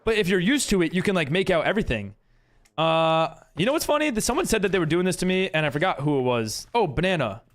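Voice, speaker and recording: A man's voice: sits high, sing-song, fast talker. A man streaming a game live, chatting casually with viewers and reading chat aloud in a rambling way full of fillers.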